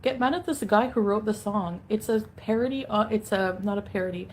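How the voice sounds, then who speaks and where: A woman's voice: mid-range voice, fairly quick, a little hiss or hum. A woman on a casual livestream, talking while eating and answering critics defensively. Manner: defensive, chatty.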